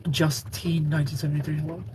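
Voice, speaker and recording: A man's voice: fairly high pitch, little pitch movement, fast talker, mellow, a little hiss or hum. A man chatting on a casual live stream, greeting viewers by name, playful and laughing often.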